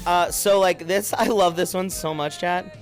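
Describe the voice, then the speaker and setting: A man's voice: high-pitched, steady tone, measured pace, soft background music. A young man in casual livestream chat, giggling often and talking straight to his viewers. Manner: giggly, chatty, addresses viewers.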